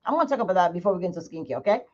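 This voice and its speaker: A woman's voice: fairly low pitch, animated, rapid-fire. A middle-aged woman hosting her own channel from home, venting frankly to her viewers in a casual livestream chat. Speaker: skincare channel host. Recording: muffled lo-fi sound.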